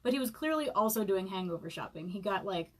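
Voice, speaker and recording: A woman's voice: mid-range voice, expressive, fast talker. Woman in her thirties, hungover author chatting loosely on a live stream before reading her chapter; fillers, laughs, self-mocking. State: hungover, eating saltines and sipping broth. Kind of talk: casual live-stream chat and book reading.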